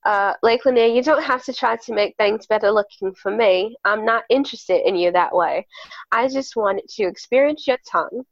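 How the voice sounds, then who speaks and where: A woman reading out a French woman's email in an exaggerated mock-British accent, pitched higher than her usual voice. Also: very fast, hardly any pauses, no room sound, muffled recording, natural voice. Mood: mock-haughty.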